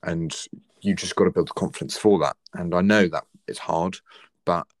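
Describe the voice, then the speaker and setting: Deep-voiced young man, earnest. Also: steady tone, moderate pace, dry recording, studio quality. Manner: earnest, reflective, giving heartfelt advice. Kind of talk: casual podcast conversation.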